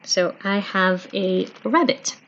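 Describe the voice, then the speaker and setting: A woman teaching a home-learning French lesson, patient and slow, repeating phrases with frequent fillers. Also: medium pitch, fairly bright tone, muffled recording.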